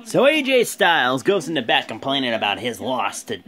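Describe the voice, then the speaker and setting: Animated man recapping a show. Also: medium pitch, brisk. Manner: excitable, animated retelling. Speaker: video host.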